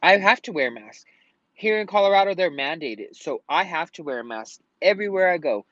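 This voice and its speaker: A man's voice: a little high, lively intonation, a little fast, fairly bright tone, dry recording. A man venting in a casual vlog rant, rambling and swearing often out of frustration. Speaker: vlogger. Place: at home in Colorado. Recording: dull lo-fi sound.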